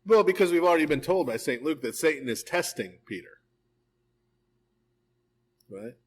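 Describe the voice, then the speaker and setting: Husky and fairly high-pitched, a priest speaks at normal speed during a live Bible study in a church hall. He goes verse by verse, reading scripture aloud and recounting it in a relaxed, lively way with many "right?" asides, and the audio is poor.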